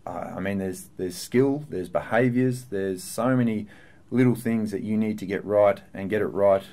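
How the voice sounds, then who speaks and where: A man's voice: lowish voice, normal speed, warm tone. A man in his thirties, a professional footballer, talking candidly and reflectively in a podcast interview. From Australia. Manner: earnest, reflective, with frequent fillers and restarts.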